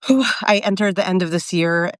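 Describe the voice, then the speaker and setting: A woman's voice: on the low side, moderate pace, dry recording, studio quality. A woman in her forties in casual, reflective chat, rambling with many fillers and restarts. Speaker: co-host of a live video chat.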